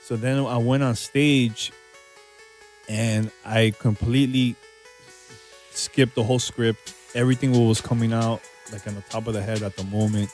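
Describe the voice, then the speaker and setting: A man's voice: mid-range voice, fairly even intonation, moderate pace, a little mellow, soft background music. A man guest on a podcast interview, talking in a laid-back, conversational way and often saying "man" and "you know". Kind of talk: casual interview chat.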